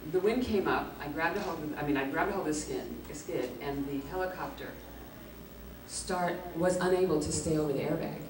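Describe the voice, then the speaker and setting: A woman guest at a convention Q&A, telling a lively anecdote, acting out the quotes and laughing often. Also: low voice, brisk. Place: large echoey convention hall. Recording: echoey hall, distant mic, background noise.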